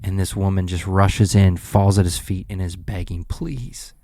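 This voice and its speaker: A man with a lowish voice co-hosting a faith podcast. He retells scenes with lots of energy and acts out the lines of the people in them. The recording is dry and close to the mic. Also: moderate pace, dry recording. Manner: animated storyteller, acts out scenes. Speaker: podcast co-host. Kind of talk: casual Bible study chat.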